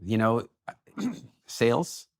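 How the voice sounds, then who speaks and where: A middle-aged man in a casual interview, telling animated anecdotes and acting out the dialogue in them. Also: medium pitch, very slow, vocal fry. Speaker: podcast guest, entrepreneur.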